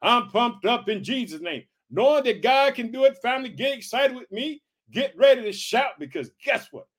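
A man from Illinois preaching an energetic podcast sermon, fervent and repetitive, calling out to his listeners again and again. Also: very high-pitched, moderate pace. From Illinois, United States. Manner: fervent, repetitive calls of "guess what" and "hallelujah".

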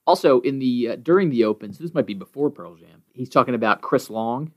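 A man's voice: mid-range voice, animated, a little fast, a little mellow. A man co-hosting a podcast in a casual style, ranting with lots of swearing. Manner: profane, worked-up ranting. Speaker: podcast co-host.

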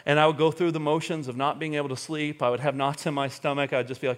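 An earnest male pastor preaching a sermon in a slightly higher-than-usual voice. He moves between quiet, confessional passages and bursts of fervent emphasis. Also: little pitch movement, fast talker.

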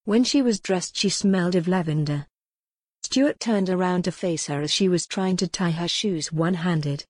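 An audiobook narrator reads a novel as scripted narration in a low, slightly mellow female voice at a moderate pace. The recording is studio quality with no room sound.

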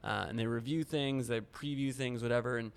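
A man's voice: medium pitch, fairly quick, vocal fry, smooth. A man who is a comedian guest on a podcast, chatting in a laid-back, profane way and telling stories. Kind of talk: casual chat.

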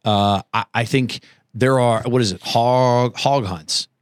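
A man's voice: mid-range voice, takes it slowly, smooth, no room sound, clean studio sound. Man rambling through casual podcast chat. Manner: rambling, self-correcting. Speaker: podcast co-host.

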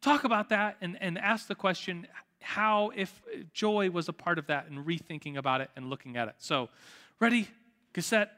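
Speaking at a normal speed, a young man guides a relaxed church lesson in a large, echoing room where listeners sit at tables for discussion. His high, bright voice carries an easygoing, animated style, full of filler words and frequent self-corrections.

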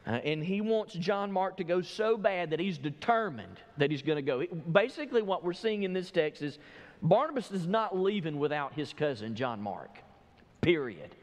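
A man's voice: high-pitched, lively intonation, moderate pace. Preacher man in a reverberant church. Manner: expository, tells listeners what to underline. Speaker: pastor. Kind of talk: sermon. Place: church sanctuary.

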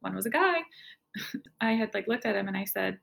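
Woman with a very creaky voice. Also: mid-range voice, expressive, moderate pace, a bit bright. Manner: casual, conversational, fills speech with "like". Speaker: guest. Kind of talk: personal storytelling.

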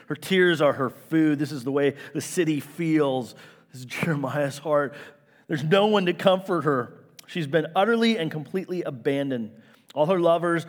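A man delivers a sermon with earnest emphasis, swinging from exasperated outcries down to hushed, low lines. His voice sits a little high for a man. Long reverb trails behind him, as in a large hall. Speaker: pastor.

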